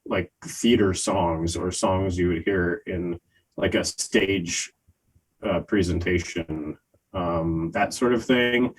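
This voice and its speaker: An older man co-hosting a music review podcast, talking in a casual, hesitant way with many pauses and fillers. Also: lowish voice, low-quality recording. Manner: slow, hesitant, many ums and uhs. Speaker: podcast co-host reviewing albums. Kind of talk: casual chat.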